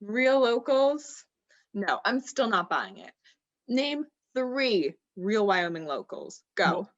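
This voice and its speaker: A woman's voice: medium pitch, big pitch swings, slow, dull audio. A woman hosting a comedy interview, playing a dry, skeptical straight role. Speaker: host.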